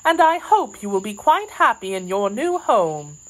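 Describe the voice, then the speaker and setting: A woman's voice: mid-range voice, sing-song, measured pace, rough recording. A woman voicing a gracious, composed young fairy ruler.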